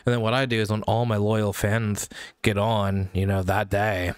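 A man performing a satirical comedy monologue in a mock Valley Girl voice, giggly and rambling, breaking into high squeals. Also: flat delivery, moderate pace, clear, resonant tone, no room sound, studio quality. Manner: high squeals between sentences. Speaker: YouTuber.

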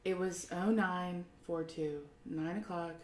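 A young adult woman, an artist guest, telling a story in an excitable, rambling way with frequent laughter and fillers. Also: lowish voice, slow. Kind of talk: animated storytelling. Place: art studio. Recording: roomy, distant mic, faint ambience.

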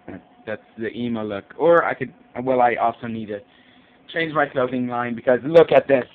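A man's voice: medium pitch, normal speed. A man swearing constantly as he rambles in a casual vlog from his bedroom. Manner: profane, rambling, jumpy. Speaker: vlogger. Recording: tinny lo-fi audio with faint hiss.

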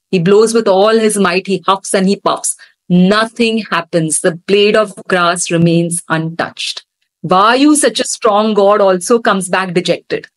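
A woman instructor tells a scripture story with animated, expressive delivery. Her voice sits in a middle register. The recording is dry and close. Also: mid-range voice, dry recording, low-quality recording. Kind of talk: storytelling lesson.

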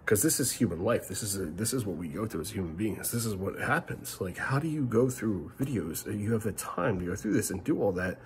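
A middle-aged man ranting in a vlog monologue, rambling and frustrated, swinging between loud outbursts and muttered curses. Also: lowish voice, expressive, fairly quick, few pauses, slight background noise. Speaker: family vlogger.

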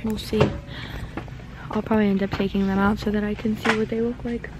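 Excitable young woman vlogging. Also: medium pitch, fairly quick, dull audio, heavy background noise. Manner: excitable, swears freely, slangy. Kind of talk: casual vlog chat.

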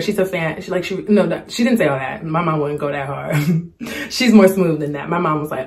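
A young woman chatting casually to the camera, telling a story and acting out the quotes in a higher voice. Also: normal speed. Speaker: storytime vlogger.

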